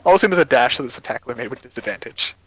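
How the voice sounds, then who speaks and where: A man's voice: medium pitch, expressive, racing, a bit bright, no echo, poor audio. A man narrating as game master of a tabletop game, casual, with many fillers.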